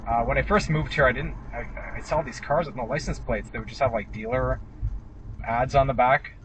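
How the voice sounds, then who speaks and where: A man's voice: mid-range voice, moderate pace, a bit bright. A man, an injury lawyer, talking casually from his car while driving, with wry, sarcastic asides. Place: inside a car driving on city streets. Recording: noisy in-car road recording. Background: car and road noise.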